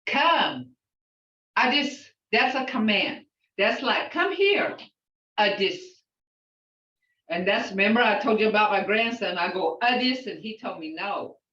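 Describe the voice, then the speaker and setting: A woman's voice: mid-range voice, expressive, unhurried, pushed and bright. An older woman teaching a language class, sounding words out syllable by syllable with chatty asides. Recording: echoey, distant, dull sound.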